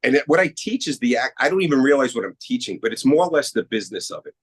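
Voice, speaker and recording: A middle-aged actor from Queens, New York, guests on a podcast, chatting casually and performing the dialogue in his stories with animated flair. His mid-range voice moves fast and carries a breathy edge, and the audio is poor.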